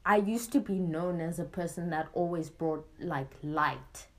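A young woman telling a personal story in casual conversation, animated and laughing often, acting out what people said to her. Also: sits low, measured pace. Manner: animated, acts out quoted exchanges, laughs often. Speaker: guest.

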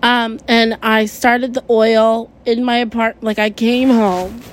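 Young woman, podcast host, a bit higher-pitched, venting at home with rambling, profane, emotional talk. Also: level tone, slow, slight background noise. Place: at home in her kitchen.

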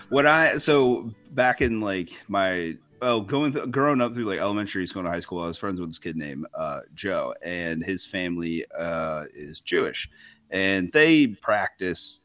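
A man's voice: low voice, expressive, a little slow, a bit bright, soft background music. A young adult man co-hosting a podcast, telling a story in a rambling, self-interrupting way, often laughing. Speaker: podcast co-host. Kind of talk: casual chat, storytelling.

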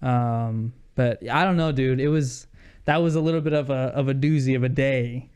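A young man telling a heated story in casual chat on a podcast, animated and saying "dude" a lot. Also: mid-range voice, moderate pace, clean tone.

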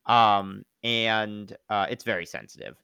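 A man's voice: on the low side, fairly even intonation, a little slow, creaky, pushed and bright, clear, resonant tone, no echo, clean studio sound. A man in casual podcast chat, rambling with many fillers and restarts. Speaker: podcast co-host.

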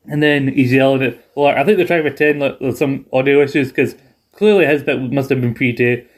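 A man's voice: mid-range voice, brisk. A man co-hosting a wrestling podcast in casual chat, wry and acting out quotes. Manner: wry, acts out quotes, laughs along. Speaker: podcast co-host.

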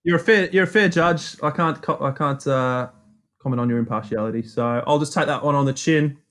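An Australian man co-hosting a podcast, telling long anecdotes in a lively, self-mocking way. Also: medium pitch, a little fast. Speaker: podcast co-host. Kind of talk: casual storytelling chat.

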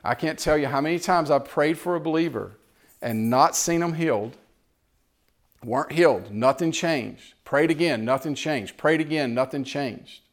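A man preaching a sermon, swinging between loud exhortation and quiet storytelling. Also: fairly high pitch, moderate pace. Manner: animated, rising to loud exhortation and dropping to quiet, tender storytelling.

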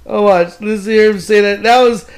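A man co-hosting a podcast, chatting casually while reacting to videos, excitable, laughing often and swearing freely. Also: high voice, moderate pace. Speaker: podcast co-host.

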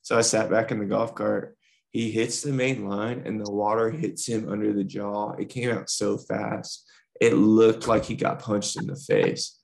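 A man's voice: lowish voice, level tone, measured pace, creaky, a little mellow. A young man co-hosting a podcast, casually telling a rambling workplace story with lots of fillers. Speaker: podcast co-host.

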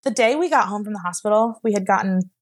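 A woman's voice: medium pitch, quick pace. A young woman telling a personal story as a podcast guest. She rambles emotionally, with many fillers, and sounds close to tears at times.

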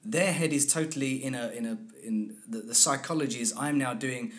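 Animated man telling set stories. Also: mid-range voice, fairly quick. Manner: animated storyteller who acts out quoted people; repeats words and phrases as he builds a point. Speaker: accent and dialect coach, guest. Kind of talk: conversational interview.

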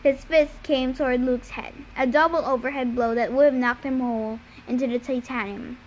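A woman's voice: high-pitched, steady tone, moderate pace, slight background noise, low-quality recording. A woman reading a novel aloud, raising her voice for dialogue and sometimes stumbling and restarting words. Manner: reads dialogue with raised voice, occasional stumbles and restarts. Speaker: reader. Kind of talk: amateur audiobook reading.

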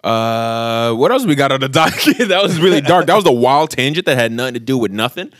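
A man's voice: mid-range voice, fairly quick, dry recording, clean studio sound. A man in his thirties from the New York area, co-hosting a podcast and telling a long story with swearing and acted-out quotes. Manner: animated, swearing, acts out quotes. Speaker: podcast co-host. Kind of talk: casual storytelling chat.

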